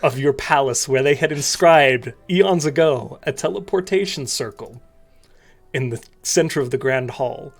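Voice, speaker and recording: A man's voice: mid-range voice, measured pace, creaky, soft background music. A man running a tabletop game as game master, narrating scenes loosely with fillers like "um" and "like.".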